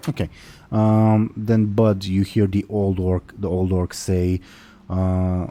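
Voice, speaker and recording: A man running a tabletop game as game master, narrating loosely and hesitantly with many pauses. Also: sits low, completely flat delivery, mellow.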